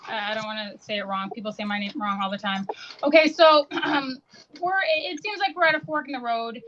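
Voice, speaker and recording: A woman on a live-stream panel, teasing and playful in an animated way. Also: fairly high pitch, brisk, noisy background. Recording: dull lo-fi audio.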